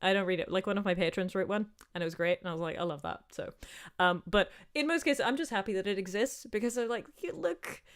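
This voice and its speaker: A woman in her thirties with a softened Northern Irish accent, chatting casually as she answers viewer questions on a livestream, rambling with plenty of "um" and "like". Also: mid-range voice, fast talker. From Northern Ireland. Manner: chatty and rambling, with many "um" and "like" asides.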